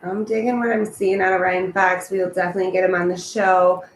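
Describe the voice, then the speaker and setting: A woman's voice: fairly low pitch, level tone, fairly quick. A woman hosting a casual online production meeting, chatty and upbeat, rambling with lots of fillers. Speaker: host. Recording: echoey room with faint noise.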